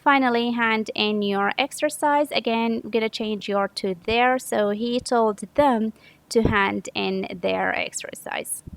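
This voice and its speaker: A woman's voice: a little high, unhurried, gravelly, low-quality recording. A woman teacher from Saudi Arabia patiently walking through an English grammar lesson step by step, often correcting herself. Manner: patient, step-by-step explaining with frequent self-corrections.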